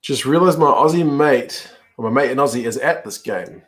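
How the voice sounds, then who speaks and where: A man's voice: mid-range voice, normal speed, a bit bright. A laid-back man hosts a live rugby watch-along. He talks in a mid-range voice, chatting casually, reacting to each play and reading out viewer comments. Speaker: host.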